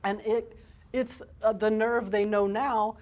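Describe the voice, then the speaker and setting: A woman giving a live parenting workshop to an audience, talking in an energetic, animated way and laughing often. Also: mid-range voice, slow pace.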